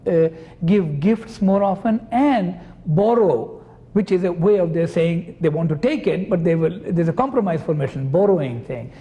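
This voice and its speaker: A man's voice: sits high, expressive, normal speed, highs cut off. A man, a psychoanalyst, giving an academic lecture and explaining his points patiently through clinical examples.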